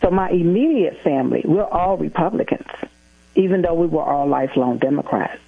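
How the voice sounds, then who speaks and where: Husky woman on a phone line. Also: low-pitched, animated, brisk. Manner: emphatic, repeats points in lists. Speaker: phone-in guest. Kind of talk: political talk.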